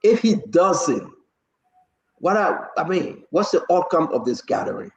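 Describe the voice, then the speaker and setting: A man's voice: on the high side, big pitch swings, measured pace. A man hosting a heated political talk show, pressing and interrupting his guests. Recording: echoey, dull lo-fi sound.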